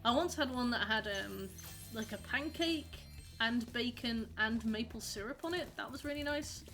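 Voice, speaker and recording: A young woman livestreams a game and chats away to her viewers, wandering from topic to topic. Her voice is bright, crisp and set a little high. Faint game music plays behind her. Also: moderate pace. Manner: chatty, rambling, reacting to chat messages. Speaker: streamer. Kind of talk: casual live-stream chat while gaming.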